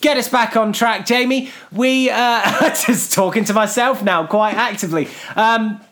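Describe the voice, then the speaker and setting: A man's voice: high-pitched, unhurried, fairly bright tone. A man co-hosting a comedy podcast who dryly steers the chat back on track in a laid-back way. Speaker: podcast co-host.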